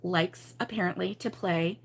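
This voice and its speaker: A woman's voice: on the low side, fairly even intonation, unhurried, creaky, husky. A middle-aged woman hosting a crochet channel, telling a story in casual live chat with viewers and laughing often.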